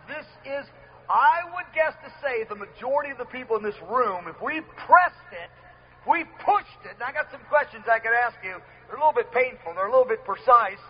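A man's voice: extremely high pitch, highs cut off, a little hiss or hum. A man preaching a sermon to a live audience, earnest and emphatic, repeating key phrases.

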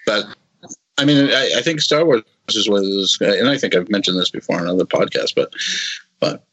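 A man's voice: lowish voice, brisk, fairly bright tone, no room sound, lo-fi sound. A man in his forties chatting as a podcast guest, rambling with lots of restarts and playful little voice bits. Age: 40s. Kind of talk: casual podcast chat.

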